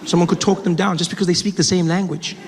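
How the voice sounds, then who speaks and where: A man's voice: high-pitched, flat delivery, fast. A male stand-up comedian telling a self-mocking story in a conversational way, with stammered restarts, on stage before a live audience. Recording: reverberant live hall, laughing crowd, noise.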